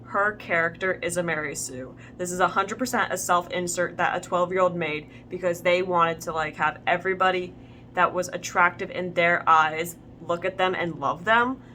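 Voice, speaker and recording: A young woman reading fan fiction aloud as host, deadpan, with wry asides and stumbles over the words. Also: on the low side, moderate pace, slight background noise. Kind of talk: reading fanfic aloud with commentary.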